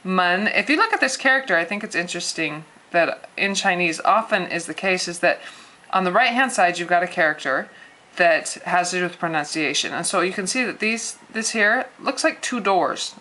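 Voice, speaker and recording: A woman in her thirties walks learners through a lesson at a whiteboard. Her voice sits slightly low yet sounds bright and crisp. She talks casually, circling back, restarting sentences and laughing lightly at herself. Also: expressive, moderate pace. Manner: friendly, rambling with frequent restarts and little laughs. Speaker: language teacher.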